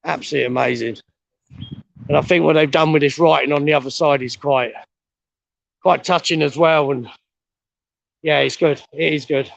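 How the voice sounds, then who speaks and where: Middle-aged man, winded, gravelly and plain-spoken, swears freely, casual outdoor walking vlog. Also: a little high, fairly even intonation, moderate pace, long pauses, no echo, muffled recording. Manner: blunt, swears a lot, rambling. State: out of breath. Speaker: vlogger. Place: outdoors on a steep hill road.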